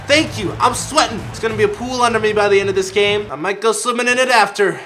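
A young man commentating his own basketball video game play, excitable and yelling at his players, then dropping to a mutter. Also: high voice, quick pace, few pauses, soft background music. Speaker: gaming video creator. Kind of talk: live gameplay commentary.

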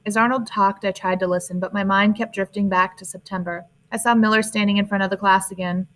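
A woman narrating a first-person novel in a plain, steady reading voice. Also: mid-range voice, fairly quick, hardly any pauses, low-quality recording. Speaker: audiobook narrator. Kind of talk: audiobook narration.

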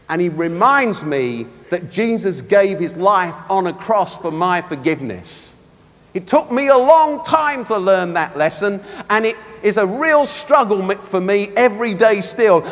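A man preaching a sermon at a conference, expressive and animated. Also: high voice. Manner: animated, expressive, acts out voices. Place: large tent or hall at a conference. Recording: long reverb of a large venue.

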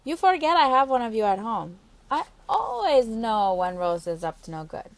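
A woman's voice: on the high side, sing-song, normal speed, no echo, pitched above the performer's own voice. A woman voicing a teasing, motherly middle-aged female nurse in an audiobook, scolding lightly. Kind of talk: audiobook character voice.

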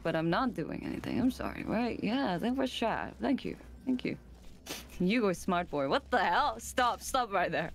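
A woman's voice: medium pitch, sing-song, normal speed, vocal fry, slight background noise. A woman whose first language is Japanese, chatting playfully as a co-op gaming guest, cursing often and mixing in Japanese words. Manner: playful, swears a lot, slips in Japanese words. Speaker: co-op streaming guest. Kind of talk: casual gaming chat.

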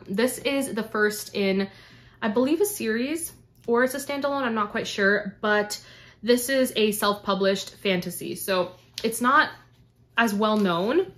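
A young woman from Canada talks straight to camera in a casual book vlog, her voice sitting at an ordinary middle pitch. She gushes effusively and keeps doubling her words for emphasis. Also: fairly bright tone. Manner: gushing, effusive, repeats "so, so". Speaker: book vlogger. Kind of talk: casual unboxing chat to camera.

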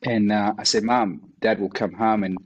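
Deep low guy w/ french accent, from mauritius, martial arts coach chatting on a podcast, lots of ums and laughs. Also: steady tone, moderate pace, husky, muffled recording. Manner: laughs often, hesitant with many fillers. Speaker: martial arts instructor, guest. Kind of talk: casual interview conversation.

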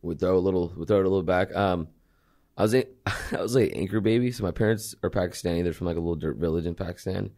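A young man from California, a guest in casual chat on a podcast. His voice sits on the low side. He tells stories in a relaxed, profane, laugh-filled way. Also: quick pace. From California, USA. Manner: laid-back profane storytelling, laughs often.

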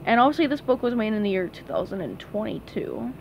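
A chatty woman walks through a kids' picture book page by page, gushing and laughing lightly as she goes. Her voice sits a little high. The audio is dull and lo-fi with a faint hiss behind it. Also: animated, fast, vocal fry. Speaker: book reviewer. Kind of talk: casual book review.

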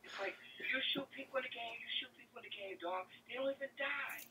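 A young man in a loud, profane comedic rant about a video game, repeating himself and swearing. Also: very high voice, quick pace, far from the mic, heavy background noise. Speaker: gamer ranting to camera.

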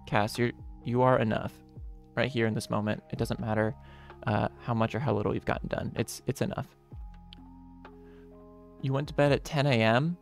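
A man hosting a casual live stream. He greets viewers one by one in an upbeat, friendly way, with playful, softly self-mocking asides. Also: mid-range voice, fairly even intonation, normal speed, vocal fry, long pauses. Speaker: streamer and game developer. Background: faint lo-fi music.

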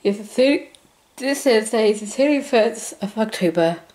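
A woman chatting casually to camera as a vlogger, giggling between phrases and rambling excitedly. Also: on the high side, moderate pace. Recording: roomy echo.

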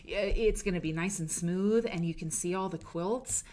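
A woman hosting a live stream show, chatting excitedly and rambling with lots of fillers. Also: lowish voice, normal speed, slight background noise. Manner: gushing, animated, rambling with many fillers.

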